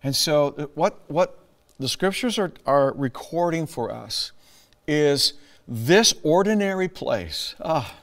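Animated man preaching a sermon. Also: on the high side, slow pace. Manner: animated, laughs often, acts out lines in a raised voice. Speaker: pastor.

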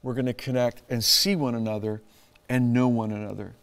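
A middle-aged man preaching a sermon, animated, laughing often and acting out lines in a raised voice. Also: mid-range voice, brisk, clean tone. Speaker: pastor.

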